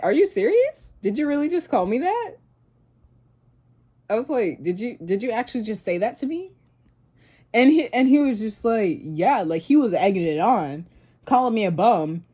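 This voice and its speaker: A woman's voice: fairly low pitch, mellow. A young woman vlogger casually retelling a story and reacting, rambling with many fillers and restarts.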